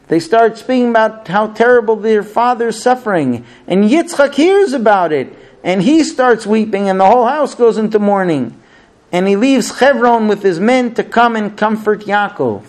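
A man's voice: high-pitched, a little mellow. A man earnestly retelling a scripture story, dramatic and now and then correcting himself.

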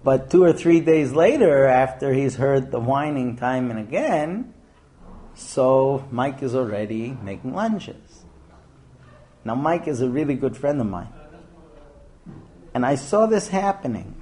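A man's voice: mid-range voice, lively intonation, a little slow, pauses often, warm tone, a little hiss or hum. A man giving a humorous talk to an audience, telling stories, acting out quotes and making numbered points. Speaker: speaker giving a talk on marriage.

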